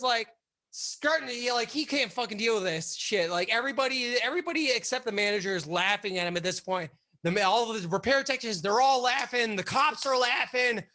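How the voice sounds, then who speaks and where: Bright-voiced man telling a profane story. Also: very high voice. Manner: animated, profane, lots of fillers. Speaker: guest. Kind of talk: casual storytelling.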